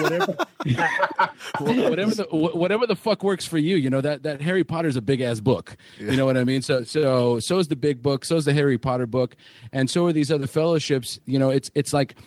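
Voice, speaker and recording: Joking, profane podcast host. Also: male voice, on the high side, expressive, fast talker, darkish tone, dry recording, studio quality. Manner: joking, profane, self-deprecating. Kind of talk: casual podcast chat.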